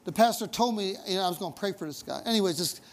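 Speaking very fast in a high-sitting voice, a man delivers a storytelling sermon. He keeps it folksy and conversational, throwing in emphatic asides.

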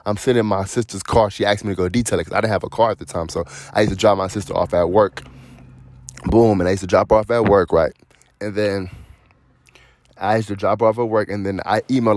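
Animated, slangy young man telling a story. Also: on the low side, no echo, clean studio sound. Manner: animated, slangy, profane, acts out quoted dialogue. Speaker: podcast host telling his story. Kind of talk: casual storytelling.

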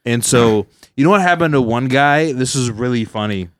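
A young male stand-up comedian hosts a casual podcast, rambling loosely through stories and breaking into goofy voices for his bits. His voice sits at an ordinary middle pitch, and the recording is dry and close with no room sound. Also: animated, normal speed, no echo. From Southern California. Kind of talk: casual chat.

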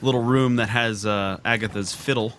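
A man's voice: mid-range voice, normal speed. A man co-hosting a gaming podcast, playing the game as he chats, giggly and playful. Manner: giggly, playful, lively commentary while playing. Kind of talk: casual gaming chat.

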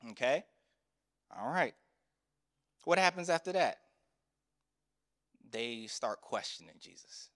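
A man's voice: medium pitch, expressive, moderate pace, long pauses, a bit bright. A man preaching a sermon as a chaplain. He tells a story in a conversational way and asks the congregation questions. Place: chapel. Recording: long reverb of a chapel.

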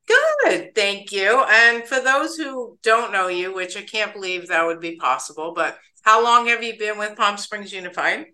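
Bright-voiced woman hosting a podcast. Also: medium pitch, expressive, moderate pace, hardly any pauses, rough recording. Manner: chatty, upbeat, stumbles over names. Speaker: podcast host. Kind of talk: casual interview.

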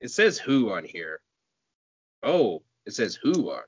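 A man co-hosting a podcast in casual chat, halting and full of fillers as he talks about himself. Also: on the low side, very animated, breathy edge, no echo. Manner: halting, filler-heavy, self-deprecating. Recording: dull, dry lo-fi audio.

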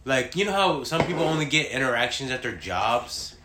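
A man in casual, profane chat, blunt and quick to joke. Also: mid-range voice, very animated, background noise. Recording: echoey room with faint ambience.

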